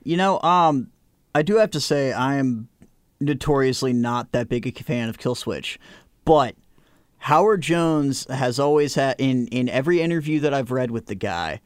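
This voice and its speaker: A man muses aloud on a podcast, hesitant and restarting his sentences. His voice has a mid-range pitch. The recording is close and dry. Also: animated, moderate pace, no echo. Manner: hesitant, restarts often, reflective. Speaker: podcast co-host. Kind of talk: casual podcast chat.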